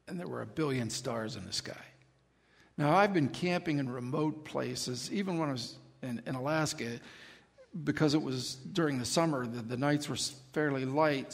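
Male pastor, earnest testimony sermon, gravelly tone, reverberant church hall. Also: a little high.

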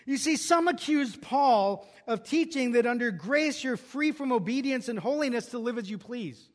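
A man's voice: very high voice, expressive, normal speed. A pastor preaching an earnest expository sermon, often restarting and repeating words as he works through a passage.

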